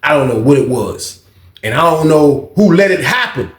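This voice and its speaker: A man telling a story in a casual, animated way, full of slang, dropping to a hush for the tense parts. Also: a little high, normal speed. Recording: echoey room.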